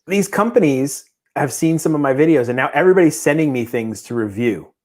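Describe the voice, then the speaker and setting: A man's voice: a little high, animated, moderate pace, darkish tone. A man co-hosting a podcast in casual, joking chat, telling playful stories. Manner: jokey, playful storytelling. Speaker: podcast co-host.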